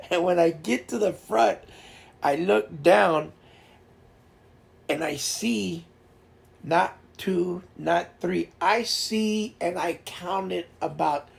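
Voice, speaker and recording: Casual stream host, male, heavily gravelly and a touch high, rambling storyteller who restarts often. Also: very slow, long pauses. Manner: laughs while telling fishing stories.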